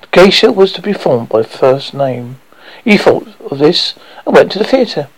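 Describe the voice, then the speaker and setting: A man reading a story aloud in a halting way, with slips and restarts. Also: a little high, sing-song, low-quality recording. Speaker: narrator.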